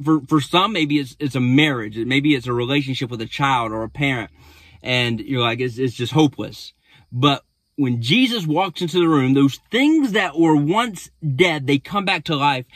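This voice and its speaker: A man's voice: mid-range voice, moderate pace, fairly bright tone, no room sound. A man, a pastor, recapping a sermon in a casual storytelling way with frequent restarts.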